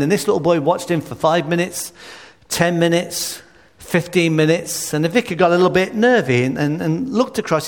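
A man preaching a sermon, emphatic and full of rhetorical questions. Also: a little high. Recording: reverberant hall.

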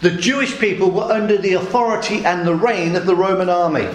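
Guy preaching a sermon, bit high voice, big swings in tone, echoey hall sound. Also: fairly even intonation, a little fast. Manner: dramatic, acts out quoted lines. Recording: echoey room.

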